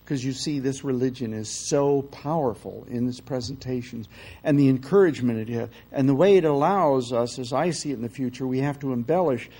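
Gravelly, husky older man teaching. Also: mid-range voice, a little fast, mellow, rough recording. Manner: conversational, often checks in with "okay?" and "you see". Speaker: spiritual teacher. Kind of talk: spiritual lecture.

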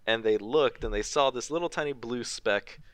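A man's voice: mid-range voice, normal speed, fairly bright tone. A young man co-hosting a podcast, chatting casually and bluntly, swearing and laughing often. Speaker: podcast co-host.

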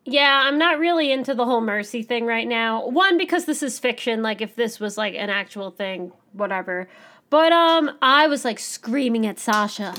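Animated, excitable woman chatting. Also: on the high side, moderate pace. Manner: animated, excitable, acts out lines. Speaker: podcast co-host. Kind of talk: casual chat about an anime episode.

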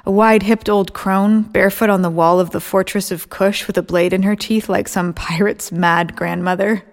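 A woman's voice: mid-range voice, steady tone, moderate pace, close to an everyday voice. A woman voicing a fierce, foul-mouthed old village woman who spits out her words in defiance. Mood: wry. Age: older. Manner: spitting, defiant, vulgar.

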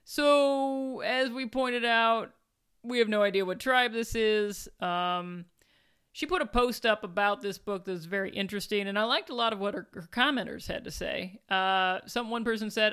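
A woman's voice: mid-range voice, moderate pace, a bit bright, clean tone. A woman co-hosting a casual book review chat, speaking in a dry, sarcastic way. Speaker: podcast co-host.

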